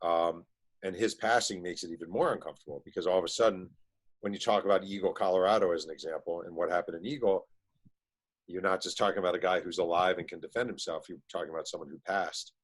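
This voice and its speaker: A man, an author and interview guest, telling stories in casual chat with quick bursts and lots of fillers. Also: low voice. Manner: animated storyteller, quick bursts, many fillers.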